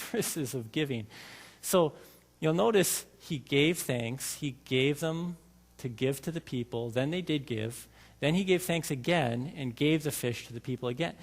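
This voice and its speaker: A man delivers a sermon in a relaxed, conversational manner and keeps turning to the congregation with questions. His voice sits in an ordinary middle pitch. The recording carries a long church reverb. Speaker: lay preacher. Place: church sanctuary.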